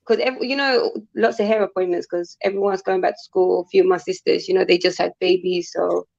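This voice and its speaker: A woman, a guest on a casual livestream. She talks in an easygoing, smooth and laid-back way. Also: on the low side, steady tone, fast talker, a little mellow, dull audio.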